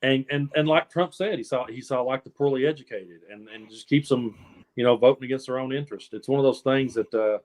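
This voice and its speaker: A man's voice: mid-range voice, a little fast, darkish tone. Earnest rambling Southern man. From Appalachian South, US. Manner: rambling, repeats words, earnest. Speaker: co-host. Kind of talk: casual political chat.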